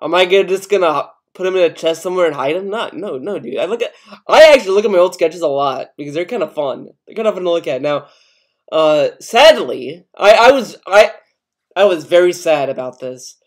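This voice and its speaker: A man's voice: sits high, expressive, fairly quick. Rambling, swearing young man. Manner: rambling, swears a lot, mock-outraged. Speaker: commentary youtuber. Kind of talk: casual reaction commentary.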